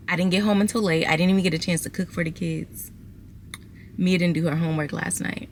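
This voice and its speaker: A woman's voice: lowish voice, steady tone, normal speed, a bit bright, a little hiss or hum. A young adult woman vlogging casually to her viewers, chatty and exasperated as she talks to them as y'all. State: six months pregnant. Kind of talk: casual storytelling vlog.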